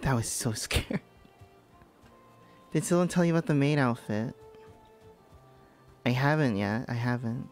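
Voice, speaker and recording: A man doing live gameplay commentary as a VTuber streamer, excitable and giggly, panicking and repeating words in bursts. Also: medium pitch, a little slow, long pauses, soft background music.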